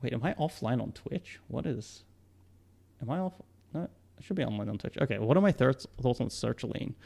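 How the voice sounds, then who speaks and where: A young man with a mixed Australian and British accent speaks at a middling pitch, and his voice has a gravelly, creaky edge. He answers viewer questions on a casual live stream, rambling with plenty of fillers and chuckling often. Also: lively intonation, normal speed, mellow. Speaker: psychologist streamer.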